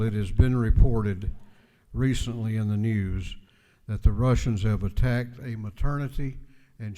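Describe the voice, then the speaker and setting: A man giving a formal floor speech as a legislator in a legislative chamber, measured and emphatic, repeating points for stress. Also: mid-range voice, mellow. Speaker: state legislator presenting a resolution. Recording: long reverb of a large chamber.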